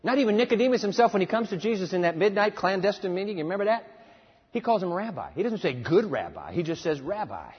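A male preacher tells the story dramatically, acting out every voice in a husky, fairly high tone. His sermon sounds dull and lo-fi, with a long echo from a big hall. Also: very animated, quick pace. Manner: dramatic storytelling, acts out dialogue.

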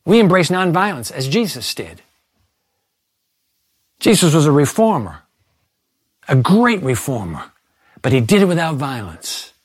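A man preaching a sermon, reading quotations aloud and urging his listeners with animated emphasis. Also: fairly high pitch, measured pace, pauses often, breathy edge, dry recording, clean studio sound. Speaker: pastor.

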